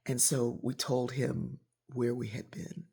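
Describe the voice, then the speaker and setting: A woman's voice: very deep voice, steady tone, slow pace. A woman hosting a podcast, telling a personal story that drifts into whispers and ends on a reflective lesson. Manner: gravelly, husky, often sinks to a whisper; reflective, closing with a gentle lesson. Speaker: podcast host.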